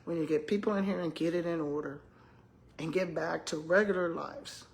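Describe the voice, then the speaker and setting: An older woman from the American South talks straight to her viewers in a loose, chatty vlog. Her voice sits a little low, and she tells her stories with frequent laughter. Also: brisk, creaky, a little hiss or hum. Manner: animated storytelling, laughs often, addresses viewers as y'all. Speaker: retired school principal vlogger. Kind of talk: casual chat to viewers.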